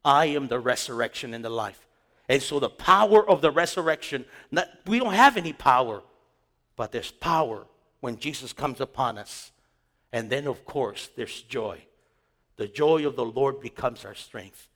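A man preaching a sermon as a pastor, emphatic, repeating phrases and swinging between loud rises and quiet drops. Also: medium pitch, animated, measured pace, big-room sound.

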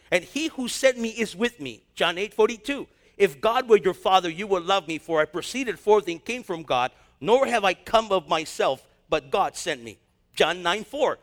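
A man with a high voice delivers a sermon as a pastor. He moves between reading scripture and lively, slangy asides, acting out little exchanges as he goes.

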